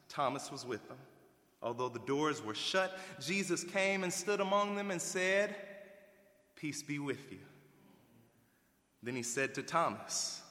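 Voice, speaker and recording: A man preaching a sermon as pastor, jumping between lively asides and slow scripture reading. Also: on the high side. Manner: lively preaching, breaks off to play music, then reads scripture slowly. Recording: echoey hall with long reverb.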